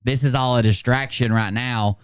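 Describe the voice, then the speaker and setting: A man's voice: medium pitch, steady tone, moderate pace, slight background noise. A man hosting a commentary channel, talking in a sarcastic, scornful way. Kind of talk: critical commentary.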